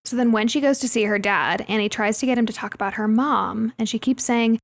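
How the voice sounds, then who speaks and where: A young woman with a slightly high voice and a gravelly edge, recapping a movie in casual podcast chat. She laughs often and acts out lines she quotes from it. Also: steady tone, a little fast, few pauses. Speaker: podcast co-host.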